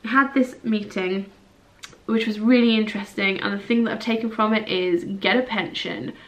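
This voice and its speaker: A woman's voice: medium pitch, fairly even intonation, normal speed, a bit bright. A woman, chatting candidly to camera in a casual vlog, with lots of asides. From England. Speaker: vlogger.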